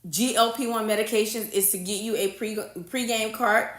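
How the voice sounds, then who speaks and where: A woman's voice: medium pitch, fairly even intonation, normal speed, reverberant. A woman, a registered nurse, hosting a casual livestream and chatting with her viewers. She repeats her points and reads out and answers comments from the chat. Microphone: phone or webcam livestream setup.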